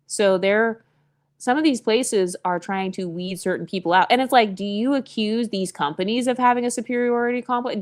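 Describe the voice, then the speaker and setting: A woman talking straight to her audience in a casual vlog, sassy and blunt. She swears freely and drops mocking asides as she airs her opinions. Her voice sits at an ordinary pitch for a woman. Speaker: vlogger.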